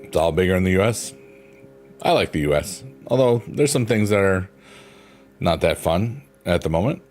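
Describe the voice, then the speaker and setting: Very deep-voiced man, rambling chat. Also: expressive, normal speed, a little mellow. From New York, US. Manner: meandering, playful, talks to chat. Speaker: streamer. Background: piano music.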